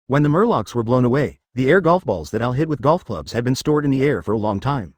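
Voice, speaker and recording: A man reads a long fan fiction story aloud. His pitch sits in the middle but swings widely, and the sound is dry with no room echo. The cadence stays even and steady, even over sound effects. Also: fairly quick, few pauses. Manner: reads page artifacts and sound words flatly, even cadence. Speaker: narrator.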